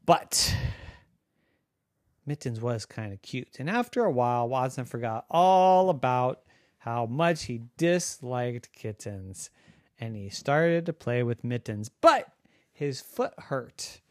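A man telling an improvised bedtime story in a gentle, playful way. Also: medium pitch, sing-song, slow, no echo, studio quality.

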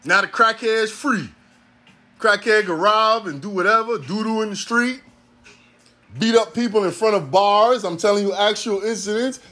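A podcast host in his forties from Ohio, USA, with a voice that sits high and a little bright. He rambles through a casual, profane monologue with the cadence of a preacher.

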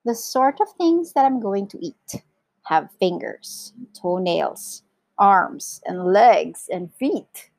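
A woman voicing a greedy male crocodile villain in a children's story, slow and gloating. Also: medium pitch, lively intonation, creaky, a little mellow, no echo. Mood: sly gloating.

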